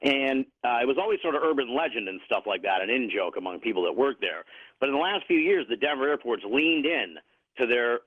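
A man's voice: mid-range voice, big pitch swings, brisk, no room sound. A man acting as the website news editor on a radio show, casually running through the week's strange stories. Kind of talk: radio segment. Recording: tinny phone line.

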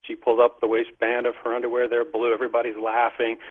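Speaking as an interview guest over a tinny phone line, a middle-aged man tells a casual story animatedly and laughs often as he goes. His pitch is medium, yet his delivery is completely flat and his pace quick.

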